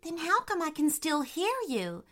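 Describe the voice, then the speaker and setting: A woman's voice: sits high, big pitch swings, normal speed, fairly bright tone, faint music behind, pitched above the performer's own voice. A woman voicing a shy, curious little girl who speaks politely and earnestly.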